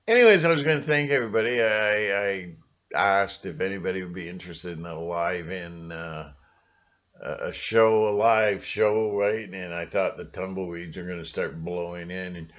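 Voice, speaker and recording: A man's voice: medium pitch, a bit bright. Male vlogger with an ordinary mid-range voice, rambling sarcastically, on a dull lo-fi home recording. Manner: sarcastic, rambling, with many fillers. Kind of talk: rambling casual monologue.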